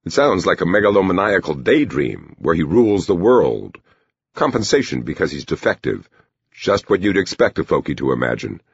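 A man's voice: low-pitched, sing-song, normal speed, vocal fry, slightly rough, no room sound, heavily acted. A man voicing a cold, dismissive young working man with a curt, aloof manner. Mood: scornful. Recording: dull lo-fi recording.

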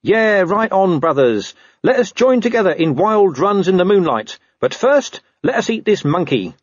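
Scruffy small male dog, streetwise and jittery, squeaky nervous cheer, as a male narrator puts him on; husky edge. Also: big pitch swings, normal speed, no echo, highs cut off. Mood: sarcastic.

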